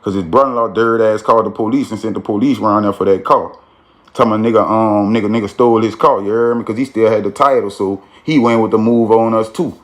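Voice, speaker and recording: A man's voice: on the low side, fairly even intonation, fast. A man telling a street story in a casual, slangy way, with frequent "you feel me" tags.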